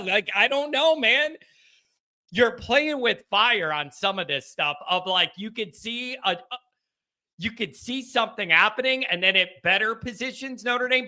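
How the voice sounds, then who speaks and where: An upbeat man hosting a live sports call-in show, moving between callers and chat messages. His voice is high and very bright, with a sharp, forward tone. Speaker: host.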